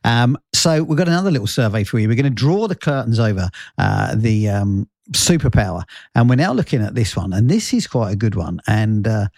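A man's voice: on the low side, lively intonation, fairly quick, gravelly, darkish tone, no room sound. A man presenting on the radio, chatting casually and rambling with fillers. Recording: dry studio mic, faint music behind.

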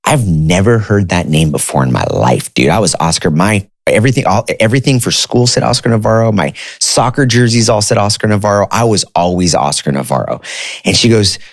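A man's voice: lowish voice, expressive, brisk, no echo, clean studio sound. A man in his thirties casually telling a personal story, with a conversational manner full of "like" and "dude". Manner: conversational, uses filler like "like" and "dude".

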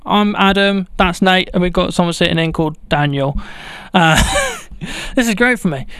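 A man's voice: high-pitched, brisk, a bit bright, smooth, no room sound. A man presenting a local radio show in chatty, playful links from a small studio. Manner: breezy, playful slang. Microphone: studio microphone.

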